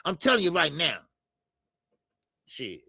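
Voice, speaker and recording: Gravelly, high-voiced man hosting a boxing stream. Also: wildly swooping pitch, slow pace, bright, forceful tone, dry recording. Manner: loose and profane, lots of filler stammers. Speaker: boxing show host. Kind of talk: casual live-stream chat reading comments.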